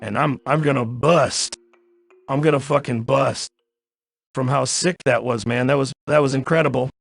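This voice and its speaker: A young man doing a comic podcast parody, rambling and agreeing with himself in quick banter. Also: mid-range voice, creaky, no echo, faint music behind. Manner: rambling, self-agreeing banter in two voices. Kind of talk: improvised comic podcast and freestyle rap. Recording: loud hip hop beat behind.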